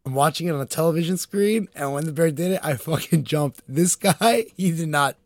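A man's voice: fairly high pitch, fairly quick, no room sound, clean studio sound. A young man in casual chat, telling a story animatedly with lots of fillers and laughter. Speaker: podcast co-host.

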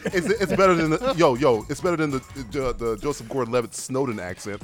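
A man's voice: medium pitch, faint music behind. A man co-hosting a podcast, joking and swearing in casual chat. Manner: joking, swears a lot, quick to laugh. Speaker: podcast co-host.

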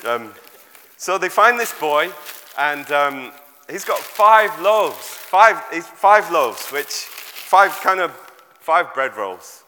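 A man's voice: on the high side, very animated, slow pace, bright, forceful tone, a little hiss or hum. A man giving an informal, chatty sermon with props, digressing into humorous stories for the congregation. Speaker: preacher. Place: church hall with audience. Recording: echoey hall.

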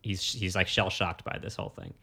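A man's voice: low-pitched, steady tone, brisk, gravelly, sharp tone. A man co-hosting a casual film podcast, arguing points in a dry, ironic way. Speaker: podcast co-host.

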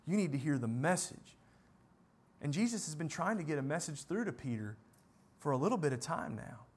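A man preaching a sermon, earnest, building to emphatic peaks and dropping to quiet asides. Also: fairly high pitch, sing-song, a little fast, breathy edge.

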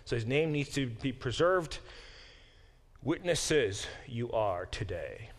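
A middle-aged man teaches a Bible class in a lecture, his medium-pitched voice very animated though he takes it slowly. He explains verses, digresses, corrects himself often, and reads passages aloud with an emphatic, lifted delivery.

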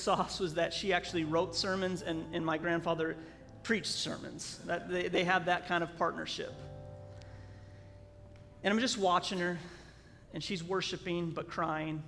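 A man preaching a sermon as a pastor, telling a story earnestly with halting restarts, in a church sanctuary. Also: a little high, fairly bright tone. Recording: long hall reverb, faint music.

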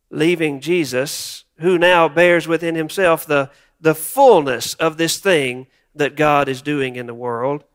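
A male pastor delivering a reflective sermon with touches of wry humor. His voice sits a little high. He leans on repetition to drive points home. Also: a bit bright.

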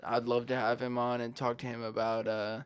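A man co-hosting a podcast, talking casually, loud and swearing freely. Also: mid-range voice, completely flat delivery, moderate pace, smooth, no room sound. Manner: loud, swearing, laughs a lot. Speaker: podcast co-host. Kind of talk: casual chat.

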